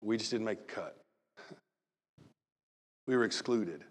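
A pastor preaching a sermon, moving from loud acted-out calls to soft, hushed talk. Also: male voice, lowish voice, a little slow, husky, big-room sound.

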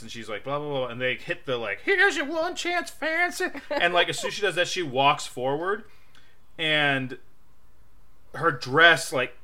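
A young man in casual podcast chat, telling a story with a very bright, forceful tone and a lively voice that swoops up and down. He laughs often and jumps into a loud, high pitch to act out what people said. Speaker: podcast co-host.

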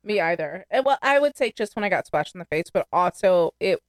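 A woman's voice: fairly low pitch, expressive, brisk, dry recording, studio quality. A woman co-hosting a podcast in casual chat, full of fillers and casual swearing. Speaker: podcast co-host.

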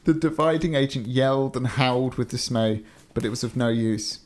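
A man's voice: medium pitch, level tone, moderate pace. A man reading a story aloud in an easygoing manner, chatting between passages. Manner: easygoing, laughs often. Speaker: storyteller and co-host.

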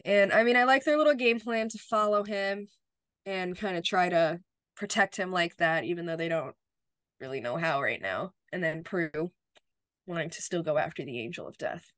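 Low-voiced woman recapping a show. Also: moderate pace, fairly bright tone, no echo, clean studio sound. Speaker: podcast co-host. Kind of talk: casual chat, episode recap.

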